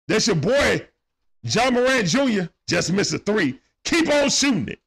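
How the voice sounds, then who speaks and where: A man's voice: high-pitched, big pitch swings, unhurried, vocal fry, a bit bright, breathy edge. A man doing casual play-by-play commentary on a live stream. He talks in slang, greets viewers by name, and speaks into a phone.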